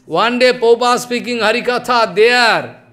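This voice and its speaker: Spiritual teacher, male, high voice, fervent and repetitive sermon delivery. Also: normal speed, pushed and bright. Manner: fervent, repeats phrases for emphasis; broken, simplified English grammar. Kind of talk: devotional sermon.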